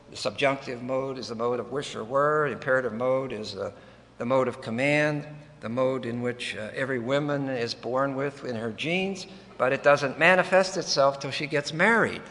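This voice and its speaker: A man's voice: medium pitch, normal speed, fairly bright tone. A man preaching a sermon, breaking down a Bible verse word by word, emphatic, with folksy joking asides. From United States. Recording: long reverb of a large hall.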